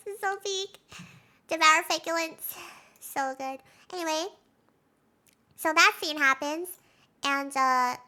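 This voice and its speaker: High, bright-voiced woman streamer. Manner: giggly and excitable, with frequent laughs and fillers. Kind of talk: casual recap chat. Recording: live stream with faint music.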